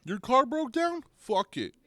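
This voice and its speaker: A man voicing Grimace, a jolly, easygoing fast-food mascot, in a high squeaky friendly voice that slows down and turns soothing. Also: very animated, pushed and bright, no echo, heavily acted. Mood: cheery.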